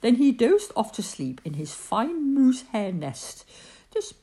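A woman reading a rhyming bedtime story aloud in an animated storyteller's voice. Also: a little high, unhurried.

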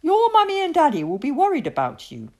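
A woman's voice: high-pitched, huge pitch swings, brisk, voice pushed up, exaggerated voice. A woman doing a kind little bush baby. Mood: gentle. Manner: gentle, reassuring. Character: kind nocturnal bush baby, female, calm. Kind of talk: storybook reading.

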